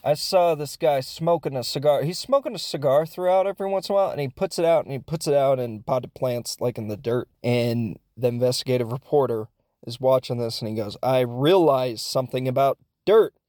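A man's voice: medium pitch, fairly quick, dark tone. Rambling casual male film reviewer. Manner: rambling, jokey, many fillers and asides.

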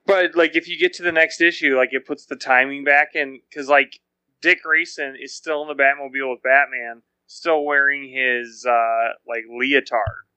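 Bright, crisp-voiced male podcast co-host. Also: medium pitch, steady tone, moderate pace, no echo, rough recording. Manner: rambling, filler-heavy, joking. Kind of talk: casual podcast chat.

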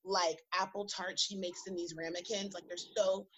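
A woman telling animated stories in casual chat, swearing freely and acting out what people said. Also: medium pitch, moderate pace, slightly rough, highs cut off. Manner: animated storyteller, swears freely, acts out quotes.

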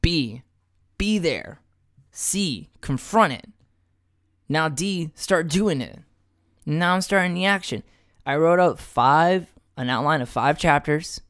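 A man's voice: on the high side, no room sound, studio quality. A young man hosting a solo podcast, talking loosely and profanely with a motivational self-talk manner. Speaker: podcast host. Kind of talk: casual solo podcast monologue.

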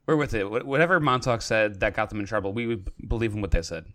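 A man's voice: lowish voice, fast talker, a bit bright. A man co-hosting a casual podcast, rambling easily with lots of fillers while he reviews beers. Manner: laid-back, rambling with many fillers. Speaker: podcast co-host. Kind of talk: casual chat.

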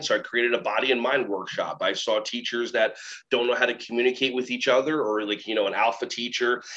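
A man talking as a guest trainer, telling animated stories and acting out the voices of kids and teachers. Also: medium pitch. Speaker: guest, workshop trainer and keynote speaker. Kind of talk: storytelling interview talk. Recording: slightly muffled recording.

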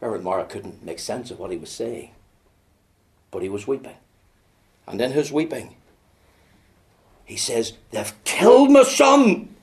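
A man preaching a sermon, swinging from hushed storytelling to loud, urgent pleading. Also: fairly low pitch, lively intonation, normal speed, long pauses.

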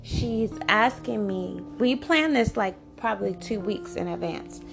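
Woman in her forties, podcast host, gravelly fry in her voice, chatty personal storytelling, music playing clearly underneath. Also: mid-range voice, a little slow. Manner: animated, chatty, full of "like" and "you know". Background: background music.

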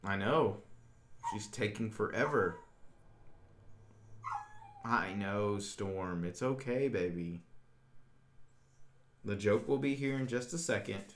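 A man's voice: on the low side, slow, long pauses, slight background noise. A man co-hosting a podcast with his partner, teasing her in casual chat. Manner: teasing, playful banter with partner. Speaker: podcast co-host.

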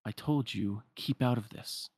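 A man voicing a cold, contemptuous male superior from a game, speaking slowly and clipped. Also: fairly low pitch, a little mellow, husky, dry recording, studio quality.

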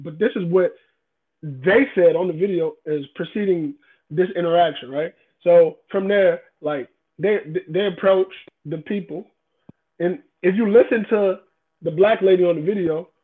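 A man's voice: sits high, moderate pace. A man in a casual debate, emphatic and profane, often repeating himself. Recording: tinny phone-like sound.

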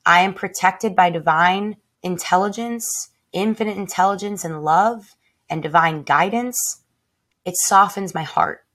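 A woman's voice: lowish voice, unhurried, fairly bright tone. Emotional woman, swearing and reflective. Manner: emotional, swearing, heartfelt, self-talk. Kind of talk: raw personal reflection. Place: tiny home.

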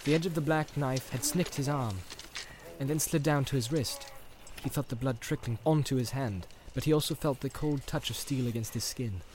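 A man reading an audiobook in steady storytelling narration. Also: mid-range voice, normal speed. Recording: background noise.

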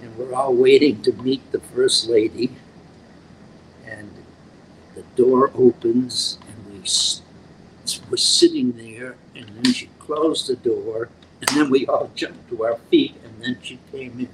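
An older man, an actor, slowly telling stories from his career in a casual interview, acting out the voices he quotes. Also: medium pitch, slight background noise, rough recording. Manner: slow, animated storyteller acting out quotes.

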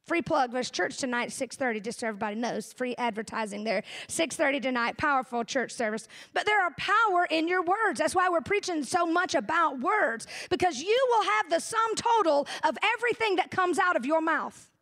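A woman pastor delivers a lively sermon. Her voice sits high, and she mixes homespun humor with direct questions to the congregation. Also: brisk, hardly any pauses. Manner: animated, folksy, humorous preaching with audience asides.

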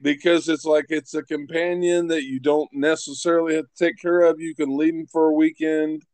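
A man's voice: fairly high pitch, little pitch movement, a little mellow, dry recording. A man talking in a casual podcast chat, blunt and profane, often restarting his sentences. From West Virginia. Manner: blunt, swears freely, halting restarts.

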